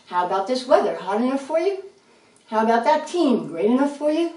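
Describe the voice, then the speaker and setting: A woman's voice: fairly high pitch, animated, moderate pace, natural voice. A woman reading as a patient, friendly red rat. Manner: gently explaining, coaxing. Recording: roomy, distant, faint noise.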